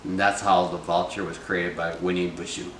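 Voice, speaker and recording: A man's voice: sits low, flat delivery, normal speed, a bit bright, reverberant, distant mic, a little hiss or hum, rough recording. A man telling a folk tale in a loose, chatty way, full of fillers. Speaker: storyteller. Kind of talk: casual storytelling of a folk tale.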